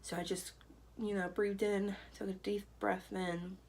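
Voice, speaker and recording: A woman's voice: mid-range voice, little pitch movement, measured pace, creaky, a little mellow, slight background noise, poor audio. A young woman telling a personal story to camera in a loose, chatty way, full of fillers. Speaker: vlogger.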